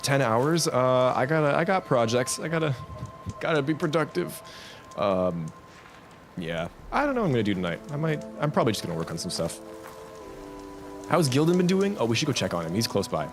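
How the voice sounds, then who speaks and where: A man streaming a game, thinking out loud and chatting to viewers in a loose, rambling way. His pitch swings about a lot as he talks. Game music plays clearly underneath his voice. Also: fairly quick. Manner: rambling, lively, talks to himself and chat. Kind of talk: casual live-stream chat while gaming.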